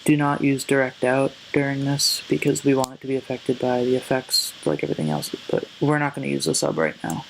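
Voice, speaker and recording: A man giving a casual music production tutorial, relaxed and hesitant, often correcting himself as he goes. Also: mid-range voice, fairly quick, vocal fry, few pauses, slight background noise, poor audio. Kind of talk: casual screen-recorded tutorial. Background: faint synth sounds.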